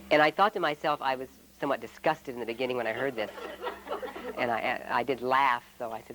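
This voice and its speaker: Measured male retreat leader. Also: medium pitch, a little hiss or hum, poor audio. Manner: measured and reflective, with gentle humor. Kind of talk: spiritual retreat talk.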